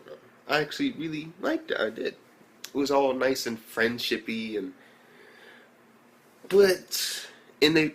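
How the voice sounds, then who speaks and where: A young man reviewing an anime episode in a casual, excitable rant full of slang and swearing. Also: medium pitch.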